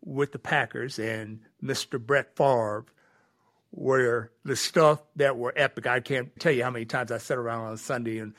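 A man's voice: medium pitch, fairly even intonation, moderate pace, a bit bright. Upbeat male interview host. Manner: brief agreeing replies, upbeat scripted sign-off. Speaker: podcast co-host.

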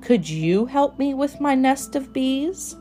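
A woman's voice: sits high, lively intonation, slow, warm tone, faint music behind, voice pushed up. Woman doing a prim, fussy little mouse lady. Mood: anxious. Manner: prim, scolding and fretful.

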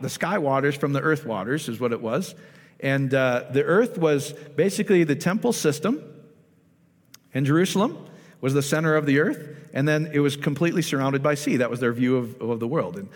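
A man's voice: fairly high pitch, long reverb tail. A man giving an informal, conversational sermon, often asking the audience questions and stressing his points with emphasis. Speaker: pastor.

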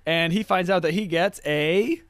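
A man's voice: high-pitched, a bit bright, no room sound. A man co-hosting a podcast, chatting casually, joking and laughing often as he recaps a sitcom episode. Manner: jokey, laughs often, does quick character voices. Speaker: podcast co-host.

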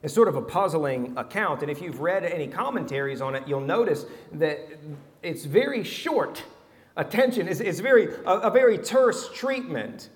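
A man preaching a sermon as pastor, animated and humorous, swinging from loud to hushed. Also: sits high, big-room sound.

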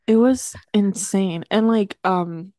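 A woman's voice: mid-range voice, takes it slowly, mellow, dry recording, clean studio sound. A woman co-hosting a podcast in casual chat, talking with lots of "like" and laughing often. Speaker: podcast co-host.

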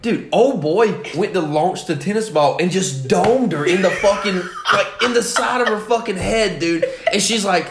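A man's voice: high voice, normal speed, gravelly, few pauses, a little hiss or hum. A young man hosting a podcast, telling a story in profane, casual chat and laughing often. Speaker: podcast host. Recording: echoey room.

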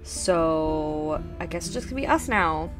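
A young woman playing a tabletop game over a voice call, quick and teasing. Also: low-pitched, expressive, over music. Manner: quick, teasing, laughing often. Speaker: player. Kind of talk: casual tabletop play over voice chat. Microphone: computer mic on a voice call.

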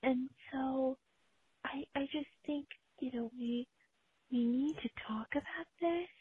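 A woman speaks in a slow, husky, sultry murmur, stretching her words out with long pauses. Her voice sits slightly high. It comes through thin and tinny, like a phone recording. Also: dry recording. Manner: slow, breathy, sultry delivery with drawn-out pauses. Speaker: caller.

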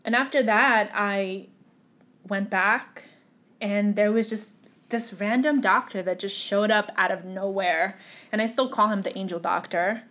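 A young woman recounts a painful memory as a podcast guest. Her voice is emotional and halting, at times sinking to a near whisper. She speaks in an everyday middle register. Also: mid-range voice, fairly bright tone. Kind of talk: emotional personal storytelling.

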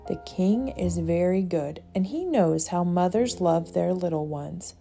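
A woman reading aloud, voicing a gentle, motherly woman who cares for young pilgrims, speaking kindly and soothingly. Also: lowish voice, a little slow, creaky, soft background music. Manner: kind, soothing.

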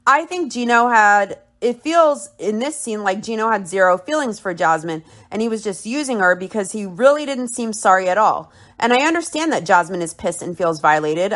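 A woman's voice: medium pitch, a bit bright. A woman hosting a podcast, recapping and commenting on a reality show in a blunt, opinionated way and swearing freely. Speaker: podcast host.

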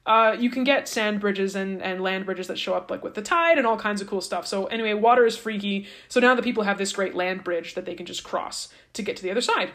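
A woman casually retelling an old story on a podcast. Her voice sits at an ordinary middle pitch. She keeps it playful and jokey, tossing in slangy asides as she goes. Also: a little fast, few pauses, a bit bright. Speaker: podcast host.

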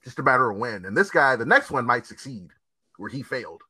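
A bright, sharp-voiced man rants through a casual podcast chat, swearing and hammering his points. His pitch leaps around freely, and the sound is close and dry with no room around it. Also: a little fast, slightly rough, no echo. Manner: animated, profane, emphatic ranting.

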